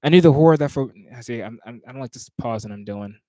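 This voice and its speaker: A man rehearsing his own spoken word poetry, reciting lines, stopping, and talking to himself about pauses before starting over. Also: no room sound. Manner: stops and restarts lines, talks asides to himself; rises louder and higher when reciting.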